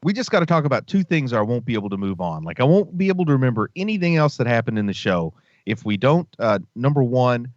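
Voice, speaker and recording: A man's voice: medium pitch, big pitch swings, fast talker, few pauses, dry recording, highs cut off. A man co-hosting a movie podcast, talking in a casual, jokey way and often tacking "man" onto his sentences. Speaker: podcast co-host. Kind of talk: casual chat.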